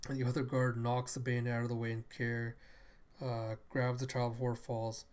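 A man's voice: mid-range voice, level tone, a little fast, a little mellow, smooth. Chatty man retelling a comic. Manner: chatty, retells scenes loosely and corrects himself mid-sentence. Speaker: comic book reader and commentator. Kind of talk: casual read-through narration.

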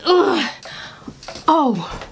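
A young woman in her twenties with a fairly high voice gives an emotional reaction to an animated show. She exclaims excitedly and talks through tears. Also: very slow, a little hiss or hum. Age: 20s. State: crying. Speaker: reaction video host.

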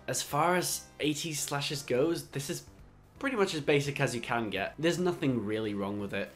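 A man with a nasal, congested voice because he is ill, hosting a horror film channel and talking through a casual review. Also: medium pitch. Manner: relaxed, chatty, loose phrasing.

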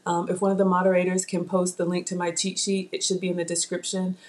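A young woman with a light Southern US accent, born in Ghana, chats with her viewers while she cooks on a live stream. Her voice sits a little low, and she keeps up an easy, talkative flow. She is recorded on a tablet mic. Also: monotone, fast. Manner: chatty, talks straight to viewers. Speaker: cooking channel host. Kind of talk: live-streamed cooking chat.

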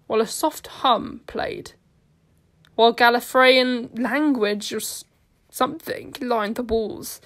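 A woman narrating a fan-made audio story in a steady, earnest reading. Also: a little high.

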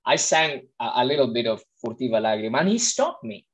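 Animated man telling a story, lively pitch. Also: fairly quick, poor audio. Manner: animated, acts out quotes with big pitch jumps; frequent restarts and fillers, excitable. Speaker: tenor and vocal coach, interview guest. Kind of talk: casual storytelling interview.

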